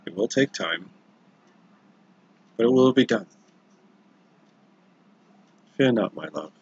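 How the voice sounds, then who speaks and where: A man's voice: on the low side, expressive, slightly rough, no echo, highs cut off. A man playing a grave forest lord. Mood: soothing. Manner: grave, measured, reassuring. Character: solemn noble male forest lord.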